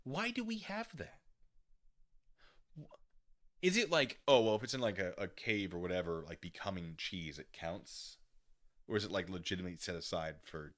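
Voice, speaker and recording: A man's voice: sits low, expressive, moderate pace, pauses often. A man hosting a live stream, chatting casually and reading his chat aloud, rambling and breaking into giggles. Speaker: livestream host.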